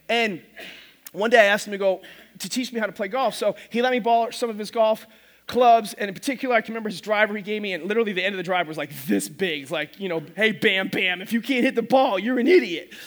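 A middle-aged man preaching a sermon to his congregation as pastor, telling stories in an animated, self-mocking way. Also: high-pitched. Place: church service before a congregation.

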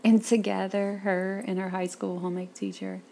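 Woman, interview guest, lively storyteller, quotes people in their voices, gravelly voice. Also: medium pitch, normal speed, a little hiss or hum. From south Louisiana.

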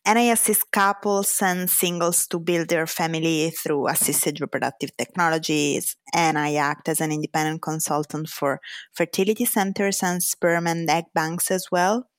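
A woman's voice: deep voice, steady tone, normal speed, no room sound. A woman from Italy with an Italian accent, a lawyer answering interview questions earnestly, in slightly non-native English. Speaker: guest lawyer.

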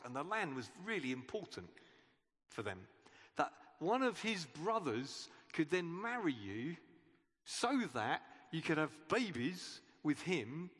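Male preacher, bright high voice, bouncy delivery, conversational sermon in a reverberant church hall. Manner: chatty and animated, with playful asides.

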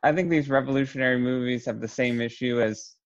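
A man's voice: mid-range voice, fairly even intonation, a little fast, lo-fi sound. A man co-hosting a podcast, giving a casual film review in a hesitant, conversational way. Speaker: podcast co-host.

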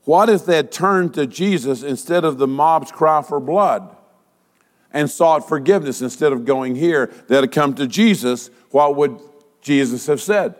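A male pastor delivering a sermon, asking rhetorical questions and using dramatic pauses. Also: on the high side, long reverb tail.

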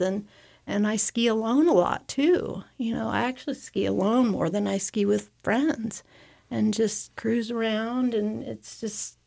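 A woman's voice: on the high side, gravelly, darkish tone. A woman talking at length and with feeling as an interview guest, rambling with restarts and repeated words. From United States. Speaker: interview guest, avalanche survivor. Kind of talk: emotional personal storytelling. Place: studio.

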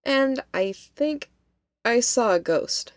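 A woman's voice: fairly high pitch, expressive, slow, no room sound, clean studio sound, pitched above the performer's own voice. A woman voicing a young female college student who is rattled and insistent. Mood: spooked. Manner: shaken, insistent.

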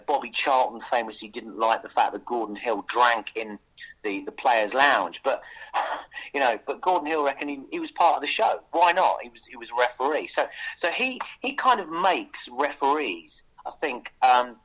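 A man's voice: medium pitch, animated, moderate pace, a bit bright, husky, rough recording. Enthusiastic male author telling stories. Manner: enthusiastic storyteller with frequent restarts. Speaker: author guest. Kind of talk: casual radio interview chat.

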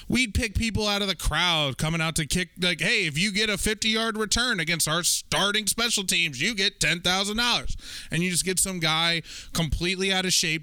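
A man with a bright, crisp voice and slightly high pitch talks in an animated, profane, joking way. He co-hosts a casual sports podcast, and his voice sounds dry and close to the mic. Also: dry recording.

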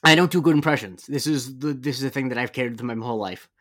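A man co-hosting a casual podcast, talking at an ordinary middle pitch. He rambles through his points, trailing off and restarting with plenty of fillers. The delivery is relaxed and conversational. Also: quick pace. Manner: rambling, self-correcting, with many fillers and hedges. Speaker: podcast co-host. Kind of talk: casual episode recap chat.

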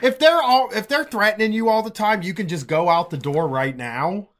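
A man's voice: high-pitched, normal speed, fairly bright tone. A man reacting in casual chat, laughing often and giving blunt opinions with swearing.

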